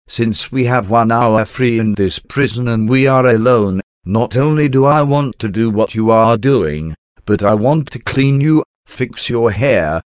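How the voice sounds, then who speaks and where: A man giving a slow, solemn, reverent devotional prayer reading. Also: medium pitch, dry recording, clean studio sound. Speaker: devotional reader.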